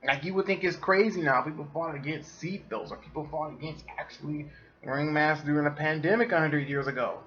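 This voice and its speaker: A man's voice: on the high side, a little fast, dull audio, slight background noise. A man hosting a casual solo podcast, ranting with lots of swearing and frequent laughter. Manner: profane, animated, laughs often. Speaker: podcast host.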